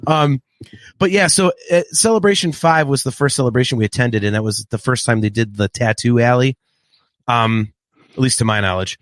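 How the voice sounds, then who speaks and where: Lively laughing man telling stories. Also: mid-range voice, moderate pace, no echo. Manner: animated storyteller who laughs often. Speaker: podcast co-host. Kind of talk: casual chat.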